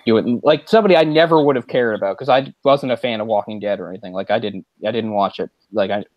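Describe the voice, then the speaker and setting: A man co-hosting a podcast, rambling through a casual movie chat, getting animated and laughing as he retells scenes. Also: fairly low pitch, quick pace, no echo, muffled recording. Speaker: podcast co-host.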